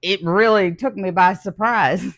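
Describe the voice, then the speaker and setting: A woman's voice: medium pitch, measured pace. A middle-aged woman, co-hosting a live stream and chatting bluntly with country slang. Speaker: co-host. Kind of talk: casual chat.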